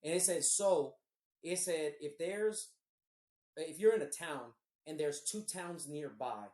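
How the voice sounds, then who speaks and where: A woman's voice: deep voice, slow pace, reverberant. A woman co-hosting a podcast, telling a story in casual chat, swearing freely and acting out what others said. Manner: animated, swears freely, acts out quoted dialogue. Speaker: podcast co-host.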